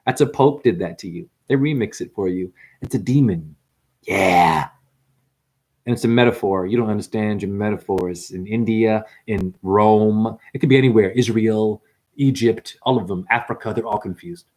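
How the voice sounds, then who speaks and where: A man's voice: lowish voice, moderate pace, darkish tone. A man giving a confrontational, preachy monologue as a spiritual teacher, calling the listener honey. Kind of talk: ranting monologue.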